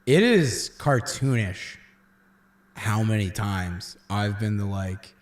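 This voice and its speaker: A man's voice: fairly low pitch, animated, slow. A man co-hosting a casual late-night chat, rambling and self-deprecating, often trailing off mid-thought. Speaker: comedian co-host. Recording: echoey room.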